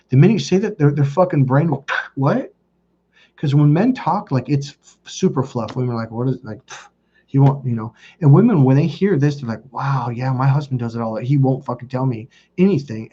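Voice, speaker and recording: A middle-aged man coaching on dating, telling a long anecdote in a loose, rambling way and swearing as he goes. His voice is dark and husky, and he pitches it up to act out the people in his story. The recording sounds dull and lo-fi. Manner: profane, rambling, acts out quoted voices. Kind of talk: casual storytelling monologue.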